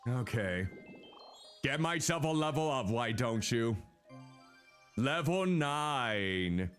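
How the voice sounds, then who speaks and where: Lively male streamer chatting over gameplay. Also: mid-range voice, slow. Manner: animated, talks to the game characters. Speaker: VTuber streamer. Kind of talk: casual gameplay commentary. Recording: faint game music behind.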